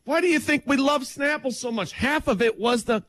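A man co-hosting a morning radio show, chatting casually and running through sports with excitable enthusiasm in a studio. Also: extremely high pitch. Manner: excitable, enthusiastic, quick rants. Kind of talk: casual chat and sports rundown.

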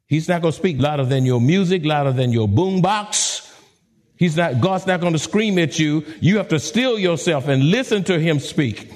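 High-voiced man preaching a dramatic sermon. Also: animated, moderate pace, darkish tone. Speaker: pastor.

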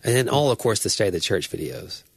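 A pastor with a lowish, husky voice, telling stories on a podcast. His pitch swings widely as he talks, and he laughs often. The recording is dry and close. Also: quick pace, dry recording. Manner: animated storyteller, laughs often. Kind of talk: casual chat.

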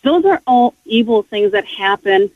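A woman's voice: mid-range voice, lively intonation, measured pace, dry recording. A woman speaks earnestly and from the heart, sharing her personal faith story as a guest on a radio show. She often stops and restarts her sentences. The sound is thin and tinny, like a phone line, and completely dry. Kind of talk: emotional personal testimony.

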